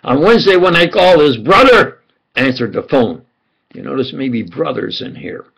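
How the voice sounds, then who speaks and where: An older man telling a rambling first-person account, often acting out dialogue and dropping into low mutters. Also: lively intonation, moderate pace, vocal fry, fairly bright tone, breathy edge, low-quality recording. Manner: digressive, quotes others in dialogue, drops to low mutters. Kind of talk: rambling conspiracy monologue.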